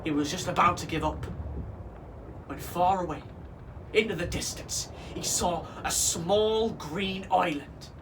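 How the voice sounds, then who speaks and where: Slow expressive man reading a children's story. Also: high voice. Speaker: children's show performer as pirate king. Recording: voice from some distance off with faint hiss.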